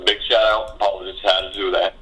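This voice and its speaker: A man's voice: sits low, little pitch movement, fast talker, bright, forceful tone, rough recording. A man with a Tennessee accent calling into a live show, very polite and forever saying sir. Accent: Southern American, Tennessee. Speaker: caller.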